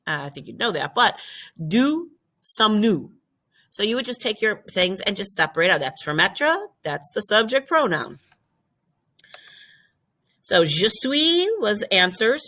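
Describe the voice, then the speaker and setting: A woman teaching a recorded French lesson, drawing out model words slowly and explaining quickly in between. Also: lowish voice, sharp tone. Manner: slow, drawn-out French model words, quick asides in English.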